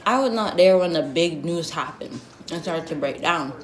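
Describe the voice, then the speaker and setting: A young woman with a somewhat low voice spills gossip in a storytime vlog. She is blunt, sassy and full of slang and side remarks. The audio has a roomy echo. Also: lively intonation, moderate pace. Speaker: vlogger.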